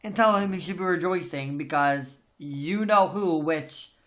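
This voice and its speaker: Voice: medium pitch, unhurried, a bit bright. A podcast host in a casual book discussion, talking emphatically and venting strong opinions.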